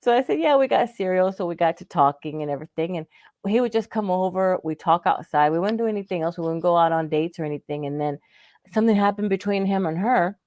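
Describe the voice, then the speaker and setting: A woman from Florida speaks quickly in a low, darkish voice, captured in a dry, studio-quality recording. Chatting casually on a radio show, she tells a long story from her own life, laughing often and putting on the voices of people she quotes.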